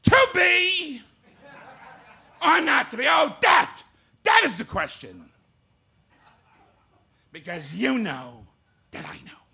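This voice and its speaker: A loud hammy comedian, blustering, high and lively, big shouted lines, faint room noise. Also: male voice, slow pace, creaky, long pauses, exaggerated voice. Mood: bombastic. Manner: bombastic, shouting, hammy declamation. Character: blustering big-mouthed male TV comedian doing Shakespeare.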